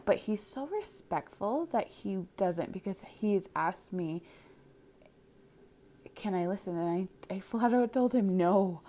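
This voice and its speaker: A woman's voice: mid-range voice, lively intonation, measured pace, hardly any pauses, dark tone. A woman in her thirties hosting a podcast, telling a candid personal story in a rambling way with lots of restarts and fillers. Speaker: podcast host.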